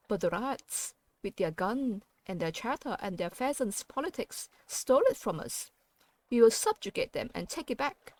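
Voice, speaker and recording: A stately, solemn guinea pig noblewoman, as a woman puts her on, declaiming grandly in a put-on fancy accent. Her voice sits high and rings out loud and proud, like a game figure giving a royal speech. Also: big pitch swings, moderate pace, no echo. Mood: haughty. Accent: put-on weird fancy accent. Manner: theatrical, lofty and declaiming.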